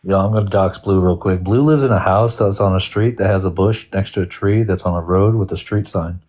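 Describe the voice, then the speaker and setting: Joking guy in a group chat, lowish voice, playful. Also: a little fast, a little mellow. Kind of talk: casual chat.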